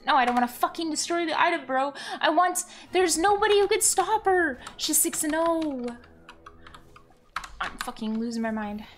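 A woman's voice: sits high, expressive, normal speed, slight background noise. A young woman streaming a game, venting and swearing in exasperated running commentary. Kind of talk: live gameplay commentary.

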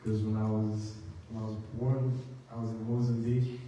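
A man from Zimbabwe giving a church testimony to an audience, measured and reflective, with pauses and fillers. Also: on the low side, level tone, mellow, muffled recording. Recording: echoey hall, distant mic, faint hiss.

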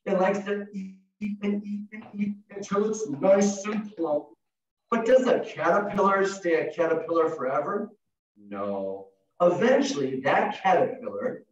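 High-voiced playful man on an echoey call. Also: lively intonation, a little slow. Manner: playful, singsong and encouraging, leading call-and-response. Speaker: early childhood educator presenting an online class. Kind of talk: demonstrating a story activity for young children. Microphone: video call. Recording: echoey, distant, dull video-call audio.

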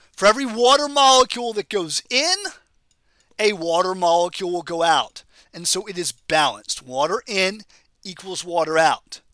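A male biology teacher with a high, bright voice gives a recorded lecture. He talks in a chatty, playful way and keeps checking in with his students. The sound is dry and close. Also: dry recording. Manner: conversational, checks in with "okay?" and "right?"; playful, uses memory tricks.

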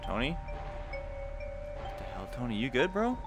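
A young man playing a virtual reality game, excitable, swearing and yelling when scared. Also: mid-range voice, normal speed, over music. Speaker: gamer.

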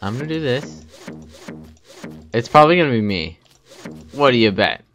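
A man's voice: mid-range voice, very animated, normal speed, a bit bright, soft background music. A young man giving casual gameplay commentary, taunting other players and laughing often. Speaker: gaming YouTuber. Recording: faint game noise behind.

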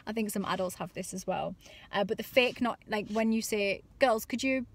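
A woman's voice: medium pitch, moderate pace. A woman in her thirties talking to camera about parenting, chatty and exasperated, acting out little voices. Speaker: parenting vlogger. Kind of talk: casual comic monologue to camera.

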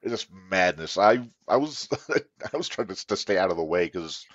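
A man's voice: low voice, animated, moderate pace, dry recording. A man hosting a podcast, chatting casually and recounting an event in an easygoing way. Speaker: podcast host. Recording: dull, dry lo-fi mic.

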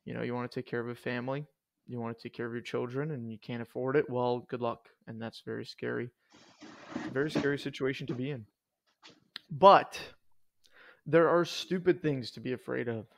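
A man's voice: mid-range voice, fairly even intonation, brisk, gravelly. A young man co-hosting a podcast in casual chat, laid-back and joking, with slangy asides. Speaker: podcast co-host.

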